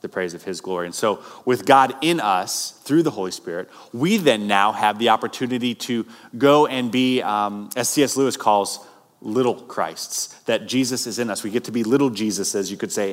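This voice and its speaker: A man's voice: fairly low pitch, moderate pace. A male pastor preaching a sermon, conversational, with rising emphatic bursts. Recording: long hall reverb.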